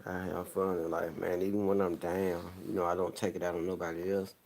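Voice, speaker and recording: A man's voice: low voice, little pitch movement, fairly quick, a little mellow. A young man from the American South with a country accent, chatting casually in a loose, rambling way, slurring words a little and laughing often. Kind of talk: casual chat.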